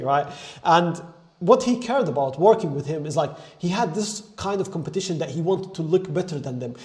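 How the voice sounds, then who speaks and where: A young male business coach talks straight to his viewers in an emphatic, driving way. His voice sits a little high but has a mellow, soft edge. He keeps leaning on "like" and checking in with "right?". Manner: energetic and emphatic, peppered with "like" and "right?". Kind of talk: motivational business talk to camera.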